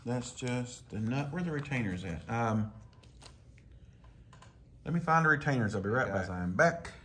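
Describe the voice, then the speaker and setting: A man, casually talking viewers through swapping a reel handle, folksy and relaxed as he works. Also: medium pitch, moderate pace, slight background noise. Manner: relaxed, talks to himself while working, folksy. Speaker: fishing channel host. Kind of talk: casual hands-on tutorial.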